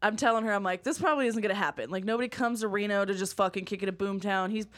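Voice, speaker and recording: A young woman hosts a casual podcast chat. She tells her story in a quick, animated, profanity-laced rush, at a middle pitch for a woman. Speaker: podcast host.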